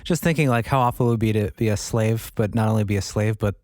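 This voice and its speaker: A man's voice: on the low side, fast, darkish tone, no echo. A man co-hosting a podcast in casual chat, easygoing and hesitant with fillers. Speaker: podcast co-host.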